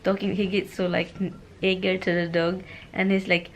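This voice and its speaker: A woman's voice: fairly low pitch, level tone, moderate pace, slight background noise. A woman from the Philippines with a Filipino accent, chatting giggly and casually to her viewers as a vlogger. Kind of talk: casual chat.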